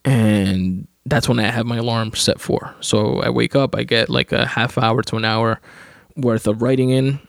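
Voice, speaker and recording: A man's voice: mid-range voice, steady tone, normal speed, creaky, no room sound, clean studio sound. A young man with a full-time job talking casually through self-help advice, rambling with many restarts and fillers. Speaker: podcast host reading his own writing.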